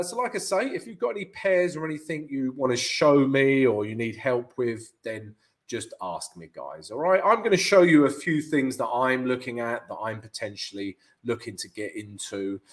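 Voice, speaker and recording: Chatty London man hosting a trading stream. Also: mid-range voice. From United Kingdom. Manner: chatty, keeps calling viewers "guys". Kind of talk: live market analysis and viewer Q&A.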